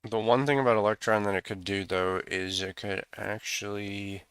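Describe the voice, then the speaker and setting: A man with a deep, gravelly voice thinks aloud as he works through his code in a casual walkthrough. His tone is bright and smooth despite the gravel. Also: fairly even intonation, moderate pace, dry recording. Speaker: programmer screencasting code.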